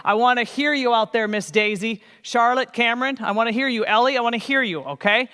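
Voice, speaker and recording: A man leading a church children's program through stretches and vocal warm-ups in an upbeat, encouraging way. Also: extremely high pitch, a little fast, clear, resonant tone. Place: church hall. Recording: echoey hall.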